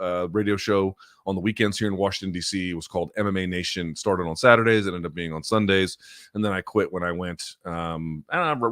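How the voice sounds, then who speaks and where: Podcast host, man, low voice, dry sound, emphatic and profane storytelling. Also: fairly bright tone, dry recording. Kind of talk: casual storytelling.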